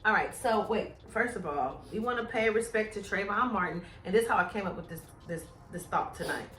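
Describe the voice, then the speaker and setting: A woman in her forties co-hosting a casual chat show, animated and expressive as she talks about her grown son. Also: brisk, recorded from a distance, a little hiss or hum. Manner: animated, acts out worried-mom questions in a higher voice. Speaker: podcast co-host. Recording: echoey room, off-mic.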